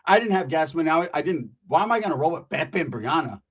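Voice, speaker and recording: A man's voice: on the high side, lively intonation, fast talker, a bit bright, breathy edge. A middle-aged man telling a comic story in a swaggering, slangy, profane way. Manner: swaggering, slangy, swears constantly. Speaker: stand-up comedian.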